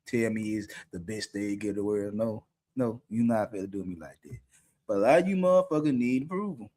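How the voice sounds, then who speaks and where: A man's voice: lowish voice, animated, fairly quick, mellow. A middle-aged man talking candidly as a podcast co-host, blunt and profane, often laughing mid-sentence. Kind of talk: candid unscripted talk.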